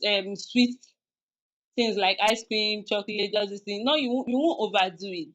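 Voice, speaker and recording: A woman hosts a podcast in a relaxed, confessional tone. She restarts often and fills pauses as she gives casual advice. The recording is a little dull and lo-fi. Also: medium pitch. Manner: frank, confessional, with many restarts and fillers. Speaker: podcast host.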